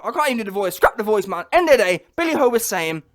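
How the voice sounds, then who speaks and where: A man's voice: high voice, big pitch swings, fast, hardly any pauses. A man giving a heated, blunt reaction rant about a boxing fight, repeating his points. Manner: heated, blunt, repetitive, mocks others in quoted voices. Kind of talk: ranting reaction commentary.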